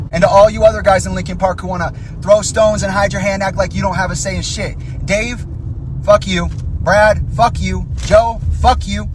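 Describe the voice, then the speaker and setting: A man's voice: high-pitched, noisy background. A young man in an angry, profane direct-to-camera rant, confronting and accusing the people he addresses. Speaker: vlogger.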